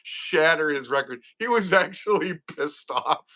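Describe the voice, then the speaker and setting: Excitable dad telling fishing stories. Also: male voice, on the high side, a little slow. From Wisconsin. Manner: excitable storyteller, acts out his own reactions. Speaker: guest, father of a young angler. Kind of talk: casual chat, animated fishing stories.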